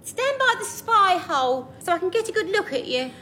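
An actress playing a pious, gossiping older widow, prim and matter-of-fact in a sitcom. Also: female voice, extremely high pitch, very animated, normal speed, pushed and bright, full character voice. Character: prim, gossiping old widow who writes poison-pen letters. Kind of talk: sitcom acting.

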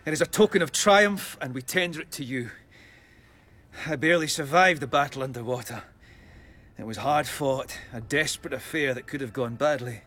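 In a dramatic reading of epic verse, a man reads the part of a bold young warrior hero, measured, formal and proud. His mid-range voice is bright and forceful, and the mood is solemn.

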